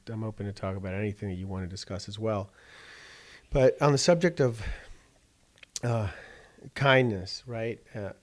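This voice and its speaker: A man's voice: on the low side, darkish tone. A man interviewing a guest, asking long, searching questions with lots of fillers and restarts. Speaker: interviewer host.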